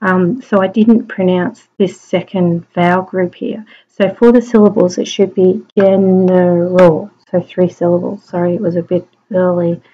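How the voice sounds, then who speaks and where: A woman's voice: lowish voice, steady tone, moderate pace, slightly rough. A woman teacher giving a spelling lesson online, sounding out words phoneme by phoneme in a chatty, encouraging way. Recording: dull lo-fi home recording.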